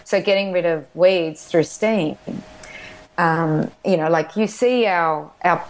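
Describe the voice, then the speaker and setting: In a casual interview, a middle-aged female documentary filmmaker speaks slowly in a lowish voice. She eagerly rambles through her stories, frequently starting her sentences over.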